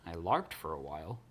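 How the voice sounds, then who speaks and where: A man's voice: low voice, slight background noise. A man co-hosting a hobby stream, playful and joking in casual chat. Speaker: stream co-host. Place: streaming studio.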